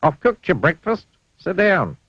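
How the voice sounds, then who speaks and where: A man putting on a clumsy, happy-go-lucky cartoon fellow, pitched well above a low narrating voice, bright and chirpy. The sound is dull and lo-fi, like an old cartoon soundtrack. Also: big pitch swings, measured pace, no echo, exaggerated voice. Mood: cheerful. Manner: cheery and breezy.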